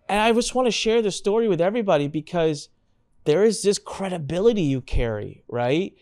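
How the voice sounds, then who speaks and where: A male podcast host with a slightly high, very lively voice that swoops up and down as he tells a story. He acts out his relatives' reactions in an animated, casual way. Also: moderate pace, dry recording, studio quality.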